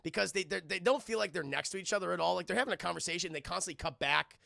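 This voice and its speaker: A man reviewing a film on a live stream, talking to his chat in an animated, profane way. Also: sits high, rapid-fire, gravelly, no echo. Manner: animated, profane, laughs often, talks to chat.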